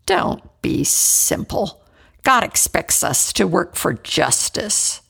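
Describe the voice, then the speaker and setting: A woman's voice: lowish voice, sing-song, takes it slowly, creaky, fairly bright tone, slightly rough, heavily acted. A woman voicing a male colonial patriot in a story reading, speaking earnestly and persuasively. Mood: urging.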